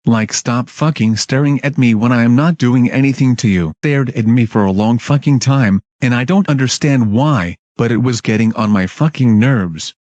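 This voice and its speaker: A man's voice: mid-range voice, moderate pace, few pauses, a little mellow, no echo, dull audio. A man narrating a ranting storytime in a blunt, irritable manner, swearing constantly.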